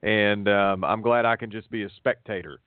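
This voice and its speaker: A man's voice: on the low side, normal speed, no room sound. Folksy man on a tinny line. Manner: rambling, folksy, repeats words. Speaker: podcast host. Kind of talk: casual podcast chat. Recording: tinny phone-like audio, dry.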